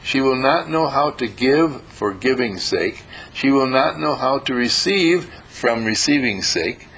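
A man giving a spiritual teaching talk in a slow, emphatic and repetitive way. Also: mid-range voice, expressive, creaky, a bit bright, slight background noise, rough recording.

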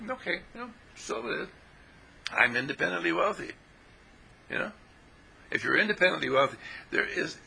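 A man giving a rambling spiritual talk to a small group, animated and often laughing as he acts out little scenes. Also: fairly high pitch, creaky, slight background noise, low-quality recording. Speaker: spiritual teacher.

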